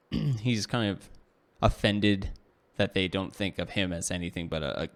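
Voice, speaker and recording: A man's voice: deep voice, a little slow. A man co-hosting a podcast, casually telling a long story, rambling with lots of "like" and "you know" and correcting himself as he goes. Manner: self-correcting, self-deprecating asides. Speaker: podcast co-host.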